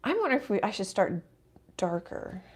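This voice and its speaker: A middle-aged woman hosting a live painting stream, thinking aloud as she works and often dropping to a soft murmur. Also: mid-range voice, very animated, fairly quick, slightly rough. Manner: self-deprecating, thinking aloud while working, drops to soft murmurs. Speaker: painting livestream host. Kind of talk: casual live painting chat.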